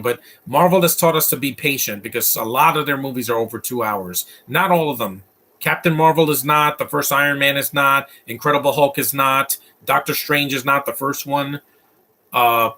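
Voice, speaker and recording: Man, casual live movie commentary, opinionated, rambling, raspy edge. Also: medium pitch, bright, forceful tone. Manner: opinionated, rambling asides with restarts.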